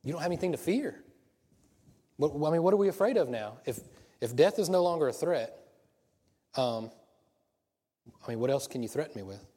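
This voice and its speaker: Husky-voiced man preaching in a reverberant hall. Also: on the high side, lively intonation, fairly quick, long pauses, dark tone. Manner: conversational preaching with rhetorical questions and restarts. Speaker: pastor. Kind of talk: sermon.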